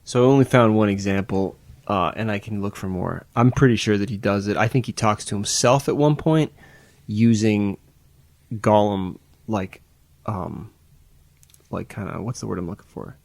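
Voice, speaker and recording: Man, podcast co-host, lowish voice, rambling and self-correcting, dry close mic. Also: normal speed, creaky, darkish tone, no room sound. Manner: rambling, searching for words with many restarts. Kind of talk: casual chat.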